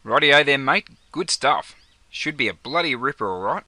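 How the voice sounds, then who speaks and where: A man's voice: medium pitch, animated, moderate pace, pushed and bright, no room sound. A man playing an easygoing young Aussie bloke. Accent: Australian. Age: young adult. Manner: broad slang-laden banter. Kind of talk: scripted comedy sketch.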